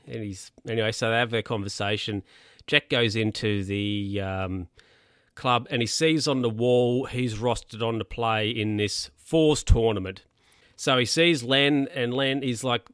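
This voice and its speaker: A man's voice: on the low side, a little slow, clear, resonant tone, no echo. Aussie guy recapping a show, bouncy voice, lots of funny voices, dead dry mic. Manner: animated storytelling, acts out characters' lines in voices. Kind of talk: casual retelling of a TV episode.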